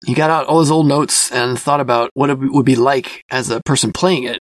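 Man, quiet by nature, casual commentary, hesitant and reflective, lots of fillers, mid pitch, dry close recording. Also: steady tone, brisk, no echo. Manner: thoughtful, hedging, self-reflective with many fillers; describes himself as a quiet person. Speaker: podcast host reviewing a magazine.

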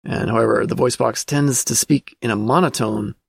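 A man's voice: mid-range voice, steady tone, normal speed, gravelly, slightly rough, no room sound, clean studio sound. A man hosting a casual podcast, reading through an old magazine and commenting as he thinks aloud, with plenty of fillers. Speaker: podcast host.

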